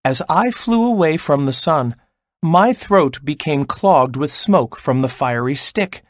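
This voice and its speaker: A man's voice: fairly high pitch, expressive, takes it slowly, dry recording, studio quality. A man voicing a brave male crow in a children's storybook read-aloud, speaking earnestly and pleadingly. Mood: sad.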